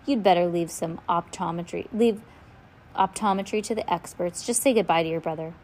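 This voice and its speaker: A woman voicing a gruff, bossy male mill foreman who blusters and bullies. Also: lowish voice, fairly quick, a little mellow, natural voice. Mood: bullying. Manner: blustering and bullying.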